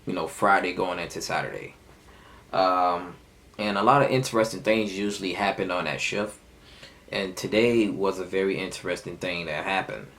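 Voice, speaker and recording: Young guy vlogging, kinda low voice, cursing a lot, all fired up retelling his story. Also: normal speed, vocal fry. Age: 20s. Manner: animated, profane, heated retelling. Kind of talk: casual storytelling vlog.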